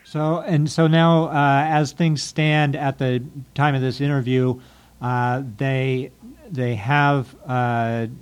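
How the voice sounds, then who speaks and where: A man's voice: medium pitch, flat delivery, slow pace, clean tone. A man conducts an interview, asking polite but probing questions. He restarts his sentences now and then as he searches for the right words.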